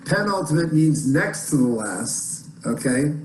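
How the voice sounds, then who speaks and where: A man's voice: on the high side, sing-song, measured pace, echoey room, a little hiss or hum, poor audio. A man hosting an online music workshop, explaining in a rambling, encouraging way with many restarts. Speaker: workshop host.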